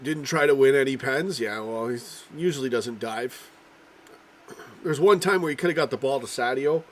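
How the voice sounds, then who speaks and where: Reading viewers' remarks on his laid-back football live stream, the male host swears, wanders off topic, and repeatedly coughs and clears his throat. His mid-range voice, a bit bright, moves at a normal speed.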